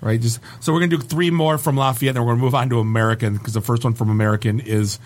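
A man from Canada hosting a casual comedy chat, reading online reviews aloud with wry, deadpan asides. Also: mid-range voice, very fast. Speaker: podcast host.

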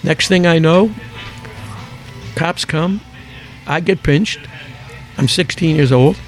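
Older philly guy, fast storyteller, slightly high voice, soft music behind. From Philadelphia. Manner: lively raconteur, acts out quotes, rattles off names. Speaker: guest. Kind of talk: anecdotal storytelling in an interview.

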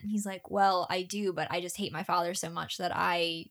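A woman's voice: lowish voice, fairly even intonation, moderate pace, creaky, a bit bright. A young woman who narrates audiobooks, chatting casually with many filler words. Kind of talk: casual chat.

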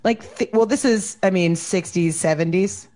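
A woman's voice: medium pitch, normal speed, dark tone. A woman with a Midwestern accent hosts a casual trivia chat, playful and loose, swearing freely. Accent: Midwestern American. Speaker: host asking trivia.

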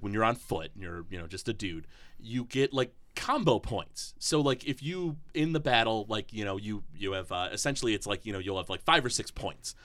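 A man's voice: medium pitch, fairly bright tone. A man co-hosting a casual podcast, talking enthusiastically and rambling with lots of fillers. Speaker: podcast co-host.

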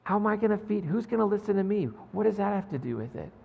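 A man voicing an anxious, ashamed male disciple who talks haltingly and doubts himself, recorded with a long hall reverb. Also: high voice, expressive, creaky, husky, narrow, tinny audio, full character voice. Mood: distraught. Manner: halting, flustered, self-doubting.

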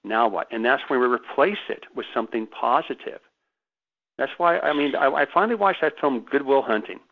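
A guest author on a radio interview tells his stories in an expressive, brisk, emphatic way, stumbling over repeated words as he presses on. His voice sits at an ordinary middle pitch with some creak, and the sound comes through thin and phone-like.

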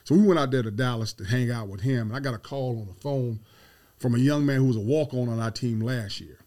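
A man's voice: medium pitch, fairly quick, warm tone. A middle-aged man, a football head coach, telling stories as a podcast guest and repeating his key phrases with emphasis. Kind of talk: storytelling interview.

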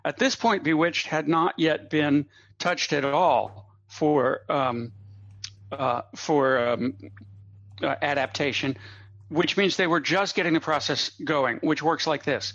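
A man telling a long anecdote as a guest on a podcast, a lively raconteur who drops in asides and chuckles. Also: fairly high pitch, takes it slowly, dry recording. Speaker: guest comedy writer. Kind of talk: anecdotal storytelling in a podcast interview. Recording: dull, slightly lo-fi dry audio.

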